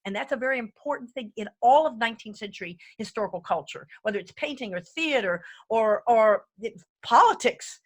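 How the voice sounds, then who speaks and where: A female music lecturer with a fairly high, animated voice talks a little fast during a casual online lesson. She's chatty and eager, wanders off topic, and counts the beats aloud as she plays a keyboard, faintly heard in the background.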